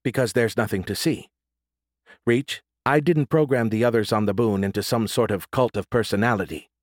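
A man voicing a calm, measured female artificial intelligence in an audiobook. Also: lowish voice, no room sound, clean studio sound, lightly acted. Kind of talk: audiobook character voice.

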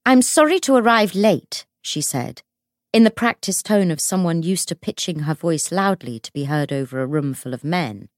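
A woman narrating an audiobook in an expressive, dramatic way. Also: low-pitched, moderate pace, no echo, clean studio sound.

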